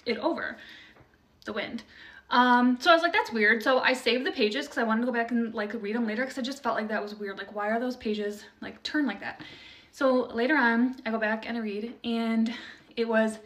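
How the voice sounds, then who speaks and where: A woman's voice: on the high side, recorded from a distance. A young woman telling a personal testimony in a casual, chatty way, full of fillers. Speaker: storyteller sharing a testimony.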